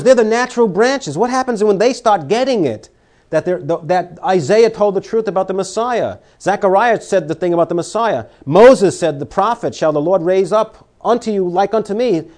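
A man delivers a sermon in a somewhat high-pitched voice. He reads scripture aloud and swings between loud, emphatic declarations and quiet warnings. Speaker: preacher.

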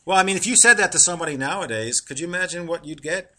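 A middle-aged man preaching a sermon, animated and laughing at his own jokes, slowing down to read verses. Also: fairly high pitch.

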